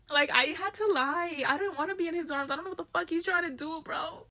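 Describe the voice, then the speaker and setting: A woman's voice: very high-pitched, quick pace, hardly any pauses, sharp tone, poor audio. A woman telling a story to her viewers in a blunt, profane, slangy and dramatic way. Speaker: storytime vlogger.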